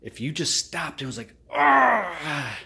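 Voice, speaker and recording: A man hosting his own channel, giving a casual motivational monologue, animated and swearing freely as he acts out frustrated outbursts. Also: on the high side, a little slow, slight background noise. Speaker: channel host.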